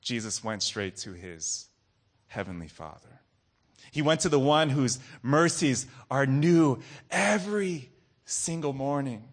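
A young adult man preaching a sermon, calling to the congregation and swinging between raised, urgent lines and low, quiet ones. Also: animated, a little slow. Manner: call-and-response preaching, rising and falling emphasis.

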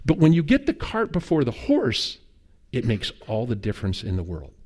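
A man's voice: medium pitch, huge pitch swings, normal speed, a little mellow. A middle-aged man preaching a sermon as a pastor, telling stories with humor and acted dialogue. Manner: conversational storytelling with humor and quoted dialogue.

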